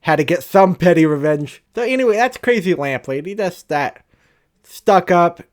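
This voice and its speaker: A young man telling a profane, animated, rambling storytime rant about retail customers as a vlogger. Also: high voice, moderate pace.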